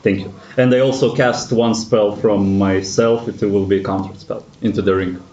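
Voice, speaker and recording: A man calmly explaining his spells and turn choices as a tabletop player. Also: lowish voice, moderate pace, reverberant, dull audio. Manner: matter-of-fact, explaining rules with fillers. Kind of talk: casual game talk.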